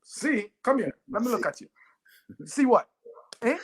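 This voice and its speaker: A man putting on the voice of his strict Jamaican mother, scolding loudly with a Jamaican accent. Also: very high-pitched, very animated, breathy edge, voice pushed up, full character voice. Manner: shouting, scolding, rapid questions.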